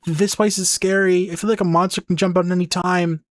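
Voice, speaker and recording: A sweet, easily frightened little girl, as a man puts her on in a game playthrough. Her voice sits high and squeaky, with small leaps whenever she gets nervous. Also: little pitch movement, fairly quick, natural voice. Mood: anxious. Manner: high squeaky shrieks when scared. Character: young girl, timid, sweet and excitable.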